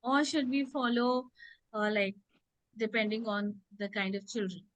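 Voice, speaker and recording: A woman's voice: on the high side, unhurried, dry recording, rough recording. A woman teacher asking a question in an online session, hesitating with many fillers. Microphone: video call.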